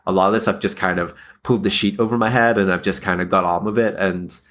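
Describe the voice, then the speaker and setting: A man's voice: sits low, fairly even intonation, fast, a bit bright. A man chatting as a podcast guest, rambling with many fillers. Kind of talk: casual podcast chat.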